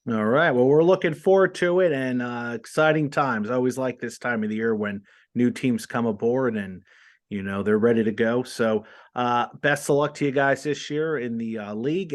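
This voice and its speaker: Rambling middle-aged podcast host man. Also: medium pitch. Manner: rambling, self-deprecating, laughs at himself. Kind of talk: casual podcast chat.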